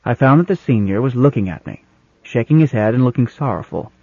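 A man reading an audiobook as a first-person narrator, in measured, plain storytelling. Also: mid-range voice, expressive, creaky, a little mellow, husky, dry recording, dull audio.

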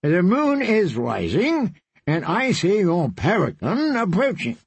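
A man's voice: high-pitched, huge pitch swings, takes it slowly, creaky, husky, dry recording, pitched above the performer's own voice, heavily acted. A man voicing a sardonic, arrogant knight. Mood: mocking. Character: arrogant, mocking young knight, sharp-tongued.

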